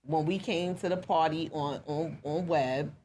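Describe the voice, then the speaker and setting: A woman with a New York accent co-hosting a podcast, teasing and loud as she gives shout-outs. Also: sits low, unhurried, a little hiss or hum. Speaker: podcast co-host. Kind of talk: casual chat.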